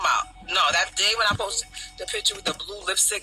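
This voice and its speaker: A middle-aged woman with a deep voice, ranting bluntly and profanely on a talk show panel, firing off mocking repeated questions. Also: a little fast, over music, poor audio. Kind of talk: casual chat, ranting.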